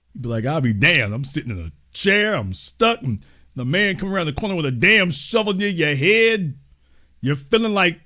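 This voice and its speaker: A man hosting a live-stream talk show, making casual, mocking commentary with animated asides. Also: fairly high pitch. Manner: animated, mocking, slips into mimicked voices.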